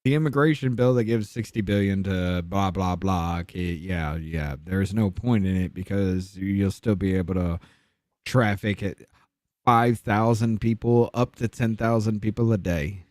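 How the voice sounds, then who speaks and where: A man's voice: deep voice, measured pace, a little mellow, no room sound, clean studio sound. A man co-hosting a podcast, chatting in a laid-back, sardonic and blunt way. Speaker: podcast co-host. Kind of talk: casual podcast chat.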